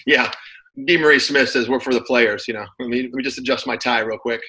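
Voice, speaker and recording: A man in his thirties, a former football player, telling his story in a relaxed casual interview, with many fillers and restarts. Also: medium pitch, fairly quick, low-quality recording.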